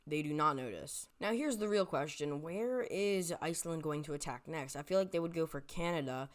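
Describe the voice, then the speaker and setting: Casual map commentary, rambling, self-correcting, clean smooth voice, mid pitch. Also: animated, fairly quick. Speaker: map video creator.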